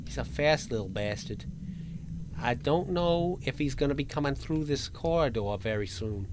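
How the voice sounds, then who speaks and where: A man playing a horror game for his channel, joking and taunting the monster he's hiding from, with sudden yells and laughs. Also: medium pitch, animated, normal speed, background noise. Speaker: gaming channel host. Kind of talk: let's play commentary.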